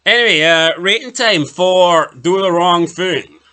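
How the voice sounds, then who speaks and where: A man's voice: high-pitched, a little slow, pushed and bright, clean tone. A man co-hosting a TV review podcast, recapping an episode in casual chat with jokes and asides. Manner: chatty, joking, summarizes plot with asides.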